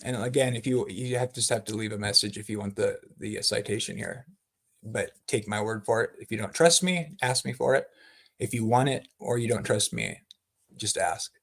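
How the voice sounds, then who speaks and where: A man teaching about the Bible in a fervent, excited way, often repeating words as he goes. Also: fairly low pitch, normal speed, vocal fry, husky. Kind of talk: passionate teaching talk.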